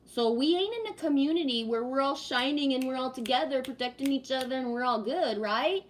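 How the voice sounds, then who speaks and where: A woman's voice: sits high, animated, fairly quick. A woman hosting a casual spiritual livestream, reading viewer comments and venting bluntly, with lots of swearing and repeated "right?" tags. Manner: emphatic and profane, rhetorical "right?".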